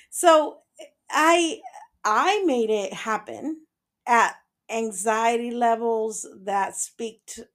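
Woman in her 40s, slow reflective podcast talk, a bit high, drops into spanish now and then. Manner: earnest and personal, slips into Spanish phrases. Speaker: podcast host. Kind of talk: reflective solo podcast monologue.

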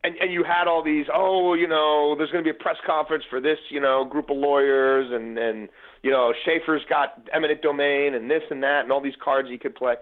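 A man's voice: fairly high pitch, fairly quick. A man in his forties from the Baltimore area, a podcast guest telling sports memories in casual talk, full of fillers and restarts. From Baltimore area, USA. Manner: animated storyteller, frequent fillers and restarts. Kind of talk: casual conversation. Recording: tinny phone-line audio.

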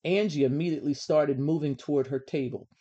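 Woman narrator for kids' audiobook; gentle, measured, warm dark timbre. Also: deep voice, dull audio. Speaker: storybook reader. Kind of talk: children's story reading.

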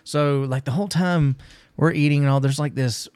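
A man's voice: on the high side, normal speed, clear, resonant tone, dry recording. A man co-hosting a podcast, telling a story in casual chat and cursing freely. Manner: profane storyteller, loud and laughing at the climax. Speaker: podcast co-host.

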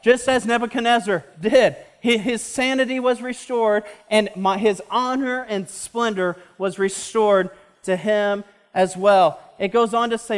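A man preaching a sermon as a pastor, impassioned and slowing down for emphasis. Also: sits high, clean tone.

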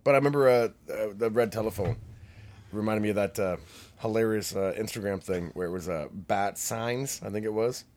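A man's voice: fairly low pitch, fairly quick, a little mellow. A man co-hosting a casual podcast, rambling through stories, swearing freely and laughing as he talks. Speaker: podcast co-host. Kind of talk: casual chat.

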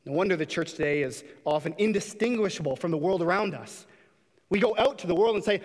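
A man's voice: high-pitched, fast talker, big-room sound. A man preaching a sermon in a church, impassioned, sometimes putting on mocking voices to make a point. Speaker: pastor.

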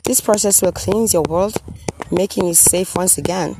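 A solemn, tender God addressing his children, as a woman channels him in her own lowish voice. The delivery is earnest and halting, looping back on its phrases. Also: background noise, lightly acted. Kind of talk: channelled message, spoken as God.

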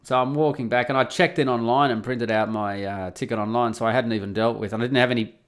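A man's voice: mid-range voice, steady tone, fast. A young Australian man casually telling a travel story, chatty and profane, acting out both sides of the conversations. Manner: chatty, swears, acts out both sides of dialogue. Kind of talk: casual anecdote.

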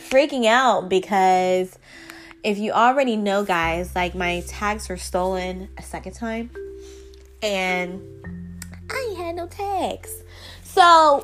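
Rambling woman telling a storytime. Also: mid-range voice. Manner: rambling, animated, many restarts and fillers. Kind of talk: casual storytime to viewers.

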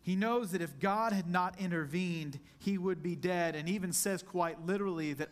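Male pastor, higher-pitched, intimate earnest sermon delivery. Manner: earnest, intimate preaching, drawn-out emphasis on scripture; addresses the congregation directly as "church".

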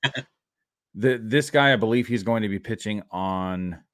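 A man co-hosting a casual fantasy baseball podcast, reading out player stats steadily with filler pauses. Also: lowish voice, fairly bright tone, no echo, studio quality. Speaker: podcast co-host. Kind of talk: casual sports chat.

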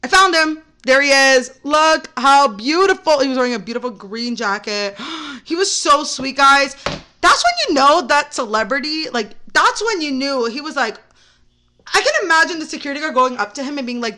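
Young female podcast host, high bright voice, rambling and excitable storyteller. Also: normal speed. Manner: rambling, excitable, heavy use of "like". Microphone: camera mic.

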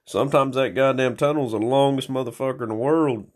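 A man in a small room at home talking into a phone, rambling and swearing in a slightly hoarse stream of consciousness. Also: mid-range voice, a little fast. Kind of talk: rambling casual monologue.

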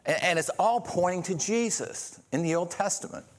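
A man's voice: sits high, moderate pace. A man preaching a sermon as pastor, earnest, asking rhetorical questions and often restarting his sentences.

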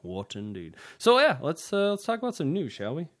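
A man's voice: high voice, very animated, fast talker. A man co-hosting a casual tech podcast, talking in a loose, rambling way with frequent hesitations and chuckles. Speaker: podcast co-host.

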